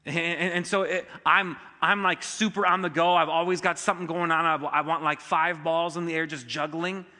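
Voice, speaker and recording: A male pastor preaching a sermon in a church auditorium, emphatic, with sudden rises in pitch and loudness. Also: fairly even intonation, moderate pace, few pauses, long reverb tail.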